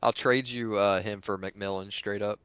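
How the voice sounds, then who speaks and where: A man's voice: fairly low pitch, fairly even intonation, normal speed, fairly bright tone, clean tone, dry recording. A man co-hosting a casual sports podcast over drinks, joking and teasing. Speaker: podcast co-host.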